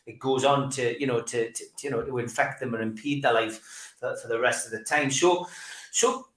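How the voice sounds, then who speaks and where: Bright-voiced podcast host. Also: male voice, mid-range voice, reverberant, poor audio. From Northeast England. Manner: measured, leading questions. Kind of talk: conversational interview.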